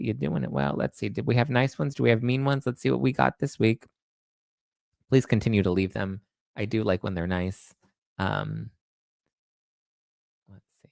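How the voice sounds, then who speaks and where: Gravelly-voiced male pop culture host. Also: fairly quick, no room sound. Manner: animated, jumps into high-pitched disbelief. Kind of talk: casual chat.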